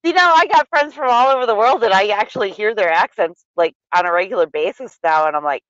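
A woman chatting casually as a podcast co-host, playful and quick to laugh, sometimes slipping into a mock regional accent. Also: mid-range voice, animated, a bit bright, dry recording. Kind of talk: casual chat. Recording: dry, dull lo-fi sound.

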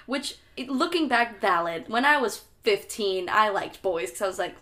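A mid-pitched woman co-hosting a book podcast, talking casually and with feeling. She throws herself into opinionated, exasperated rants, full of asides. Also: moderate pace. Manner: animated, opinionated, ranting with frustration. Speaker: podcast co-host.

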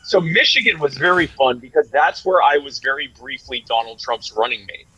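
A man telling stories in a casual podcast chat, animated and joking. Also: mid-range voice, moderate pace, slightly rough, poor audio. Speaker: former vice presidential candidate.

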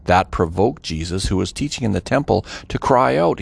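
Male reader for scripture audio, gravelly texture, lively melodic reading, dramatic delivery. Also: fairly low pitch, moderate pace, hardly any pauses, dry recording. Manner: dramatic, varied delivery with voiced quotes.

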